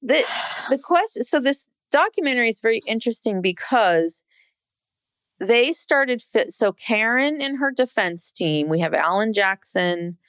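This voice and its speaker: A woman's voice: a little high, expressive, unhurried, fairly bright tone, clear, resonant tone, no echo, dull audio. A woman co-hosting a podcast, talking casually about a court case, with many fillers and restarts. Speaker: podcast co-host.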